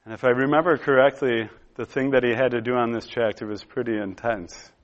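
A man in his thirties preaching, telling a personal story in a relaxed conversational way with lots of pauses and fillers. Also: medium pitch, lo-fi sound. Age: 30s. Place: room with a gathered audience.

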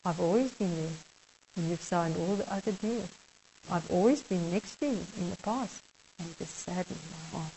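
A woman with a South African accent voicing a gentle, sorrowful male Lord in a quiet, hushed voice. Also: mid-range voice, big pitch swings, measured pace, hardly any pauses, slight background noise, low-quality recording. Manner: soft, quiet and grieved.

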